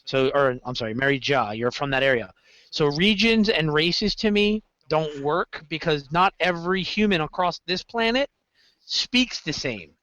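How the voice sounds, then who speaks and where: A man's voice: on the high side, normal speed, no room sound, dull audio. A man chatting casually on a podcast about running his games, rambling and correcting himself as he goes. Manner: rambling, self-correcting, animated storytelling. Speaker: game master guest.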